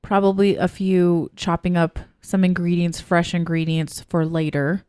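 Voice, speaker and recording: A woman co-hosts a casual podcast, chatty and eager to tell a story. Her voice sits a bit low, and the sound is dry and close. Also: little pitch movement, measured pace, a little mellow, clear, resonant tone, no echo. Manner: chatty storyteller, acts out quotes. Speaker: podcast co-host. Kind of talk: casual chat.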